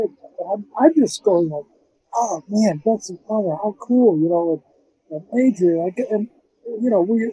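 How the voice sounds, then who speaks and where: An older man, a film composer, telling rambling, animated stories in a casual interview, with many restarts and fillers. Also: high voice, breathy edge, rough recording.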